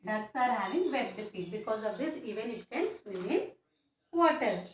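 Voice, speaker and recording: A woman teacher, explaining a science lesson to children slowly and repetitively, often ending with a questioning "no?". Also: on the high side, very animated. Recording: echoey room, faint background noise.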